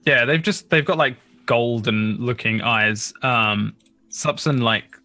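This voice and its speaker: A man's voice: medium pitch, takes it slowly, sharp tone, no room sound. A man running a tabletop game as game master, in a laid-back, casual way with lots of fillers.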